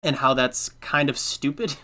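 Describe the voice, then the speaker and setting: A man's voice: mid-range voice, normal speed, sharp tone. A young man hosting a casual podcast chat, giving earnest advice with lots of filler words. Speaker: podcast host.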